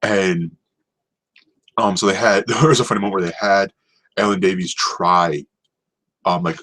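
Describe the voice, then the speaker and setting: A man's voice: sits low, steady tone, normal speed, long pauses, fairly bright tone, rough recording. A man hosting a casual solo podcast about TV, rambling with lots of ums and restarts. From North America. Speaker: podcast host. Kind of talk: casual solo TV review chat.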